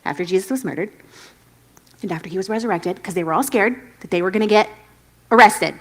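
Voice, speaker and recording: A woman's voice: mid-range voice, quick pace, a bit bright. A woman pastor giving a casual sermon, chatty and self-deprecating, laughing often and acting out the quotes. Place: church stage.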